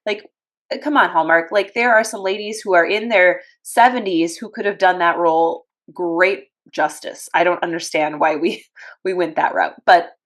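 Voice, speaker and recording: A woman's voice: lowish voice, normal speed. A woman co-hosting a movie review podcast, chatting frankly and casually. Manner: chatty, frank, laughs easily. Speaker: podcast co-host.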